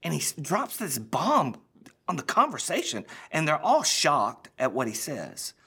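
A man preaching a sermon as a pastor, swinging between loud, emphatic lines and hushed, almost whispered ones. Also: a little high, wildly swooping pitch, a little slow, creaky, slightly rough.

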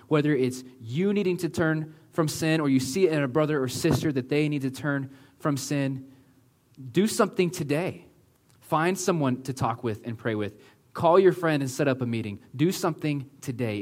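A man preaching a sermon in a church, earnest and conversational, often slowing to a hush for emphasis. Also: mid-range voice. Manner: earnest, conversational preaching with many "like" and "right?" asides; slows down and drops to a hush for emphasis. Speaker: pastor.

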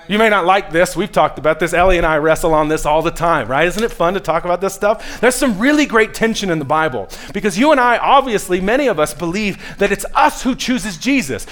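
A high-pitched male pastor delivering a sermon, pressing his listeners directly. He swings between near-whispered, quiet stretches and loud, emphatic peaks. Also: expressive, fairly quick, hardly any pauses. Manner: earnest, pushes the listeners directly.

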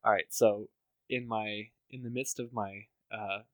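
A man's voice: fairly low pitch, fairly even intonation, unhurried, no room sound. A man co-hosting a casual movie chat while drinking beer, profane and rambling with fillers, often laughing. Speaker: podcast co-host.

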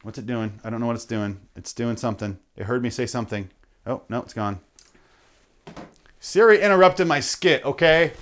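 A man's voice: mid-range voice, moderate pace, fairly bright tone, slight background noise. A man hosting a podcast, ranting in a profane, rambling, jokey way through the show's sign-off. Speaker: podcast host. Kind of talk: rambling comedic podcast outro.

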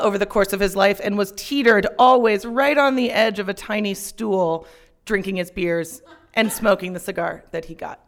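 A young woman telling a personal story on stage, profane and self-mocking, shouting out her punchlines. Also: medium pitch, gravelly.

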